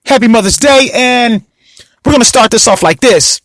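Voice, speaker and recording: A man hosting his own podcast in a rambling, casual way, with sarcastic asides about how excited he is. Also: extremely high pitch, moderate pace. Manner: sluggish, mock-excited intro. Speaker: podcast host.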